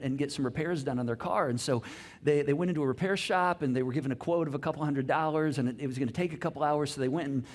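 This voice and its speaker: A middle-aged man preaching a sermon, telling stories with many restarts and quoted conversations. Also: sits high. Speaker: pastor.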